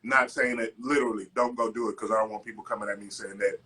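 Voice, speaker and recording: A man's voice: lowish voice, steady tone, fast talker, pushed and bright, breathy edge. A man co-hosting a casual podcast, ranting with lots of swearing and mocking impressions of other people's speech. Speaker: podcast co-host. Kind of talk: casual chat.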